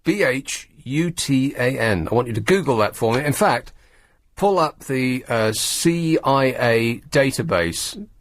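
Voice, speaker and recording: A man holds forth on talk radio with a sardonic, grumbling wit. His pitch swoops lively up and down as he mocks his subject. The studio sound is dry and close. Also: a little slow, no echo. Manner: sardonic, grumbling, mocking asides. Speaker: radio show host. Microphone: studio microphone.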